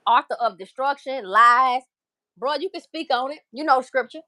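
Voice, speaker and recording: A woman's voice: high-pitched, normal speed, sharp tone, no room sound. A woman hosting a livestream in casual chat, talking bluntly, emphatically and with profanity. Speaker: livestream host.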